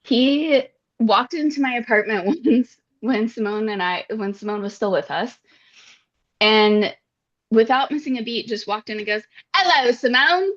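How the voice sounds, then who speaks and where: A woman's voice: on the high side, unhurried. A woman co-hosting a podcast, telling stories casually and expressively, often laughing. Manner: animated, expressive storyteller, laughs a lot. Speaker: podcast co-host. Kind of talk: casual chat. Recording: slightly dull audio.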